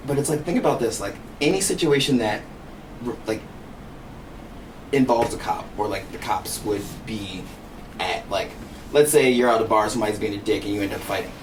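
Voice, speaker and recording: A man with an American accent co-hosting a casual podcast chat, telling profane stories with animated quotes. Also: on the low side, distant mic, crowd noise. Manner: fast, profane storytelling with animated put-on quotes. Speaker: podcast co-host. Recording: roomy echo, off-mic, faint hiss.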